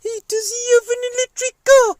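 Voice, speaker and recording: A man doing a squeaky little sidekick voice. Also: little pitch movement, normal speed, darkish tone, dry recording. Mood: cheeky. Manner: squeaky, chirpy.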